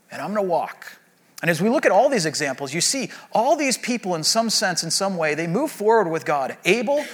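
A man's voice: fairly high pitch, a bit bright. A man preaching a conversational sermon in a church, acting out short prayers and God's replies, then leading a closing prayer. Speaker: guest preacher. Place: church sanctuary.

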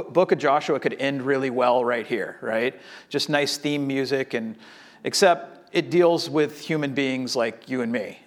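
A man preaching a sermon, reading scripture and acting out the speakers in a casual, animated way. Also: mid-range voice. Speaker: pastor.

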